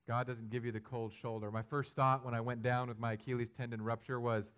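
Male pastor, sermon delivery, mid-pitched, swings from conversational to loud emphatic peaks. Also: flat delivery, brisk, clear, resonant tone. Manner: rises to loud, high-pitched emphatic passages; acts out imagined prayers and quotes.

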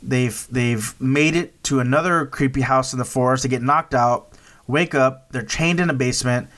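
A podcast host with a mid-range, slightly bright voice casually recaps a horror film in a movie review chat at normal speed. He restarts a lot and keeps checking in with "right?"

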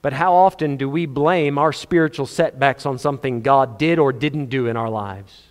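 A man preaching a sermon, telling the story with animated, acted-out scenes. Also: mid-range voice, moderate pace, few pauses. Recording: long hall reverb.

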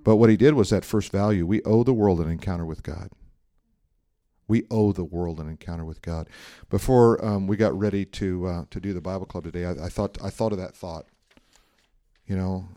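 A man's voice: low-pitched, fairly even intonation, brisk, dark tone, no echo, studio quality. A man preaching a sermon, telling a story with acted-out dialogue and reading passages aloud from a book. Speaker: pastor.

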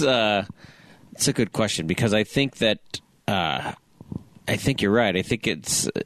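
Middle-aged male podcast co-host, low-pitched, rambling storyteller, dry close sound. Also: no echo. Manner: rambling, self-deprecating storyteller with frequent restarts. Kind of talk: casual chat.

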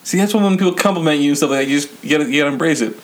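A man chiming in excitably during casual chat. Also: fairly high pitch, very fast, rough recording.

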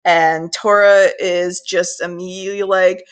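This is a woman co-hosting a casual podcast, recapping an episode in loose, animated chat. She swears freely and acts out the characters' lines as she goes. Her voice sits at an everyday middle pitch. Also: unhurried. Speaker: podcast co-host.

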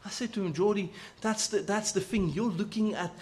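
Casting note: man preacher, earnest animated storyteller, slightly higher voice. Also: a little fast. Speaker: preacher telling a testimony. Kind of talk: sermon storytelling.

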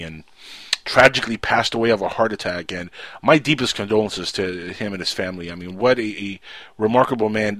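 A man's voice: lowish voice, fairly bright tone, no room sound. A man hosting a live talk radio show, speaking casually with many fillers and restarts.

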